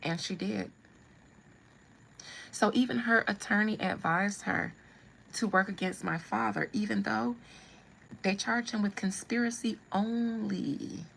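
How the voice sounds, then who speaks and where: A woman tells a personal story on a live stream. She is blunt and wry, and her voice has a gravelly, creaky edge. Faint noise hums under the recording. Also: mid-range voice, steady tone, measured pace, pauses often, a bit bright, poor audio. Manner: blunt, humorous storytelling with asides. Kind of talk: casual storytelling.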